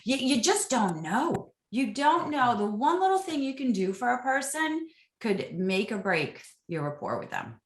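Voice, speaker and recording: A woman's voice: on the high side, unhurried, roomy sound. A woman, a former military interrogator, telling stories in an interview and acting out the exchanges she quotes. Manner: animated, acts out quoted exchanges. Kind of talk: storytelling interview answers.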